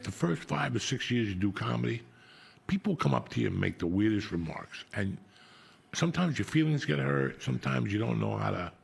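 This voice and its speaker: Gravelly, husky profane storyteller man. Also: lowish voice. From New Jersey. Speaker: podcast host. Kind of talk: casual storytelling chat.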